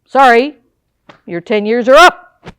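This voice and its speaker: An older woman delivers a public history lecture. She talks in a lively way and keeps asking her listeners questions. Her voice sits fairly high, and the sound is dry and close. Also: slow, clear, resonant tone, no echo. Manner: lively, asks the audience questions. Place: lecture hall.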